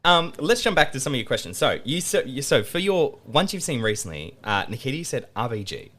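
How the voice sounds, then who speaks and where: A man's voice: medium pitch, very animated, a little fast, fairly bright tone. A man hosting a podcast, interviewing guests with enthusiastic reactions. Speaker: podcast host.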